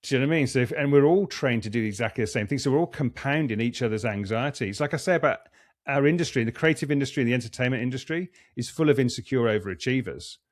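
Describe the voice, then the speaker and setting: A man's voice: mid-range voice, fast talker, no room sound, clean studio sound. A middle-aged man, a coach and performance psychologist, reflecting earnestly as a podcast guest and often restarting his sentences. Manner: earnest, restarts and repeats words while thinking. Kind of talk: reflective conversational explaining.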